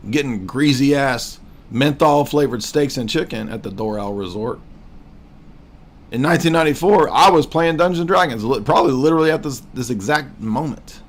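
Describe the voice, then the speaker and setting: A man's voice: on the high side, animated, normal speed. A man in his forties hosting a livestream, casually mocking what he watches in a rambling, joking way. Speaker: livestream host.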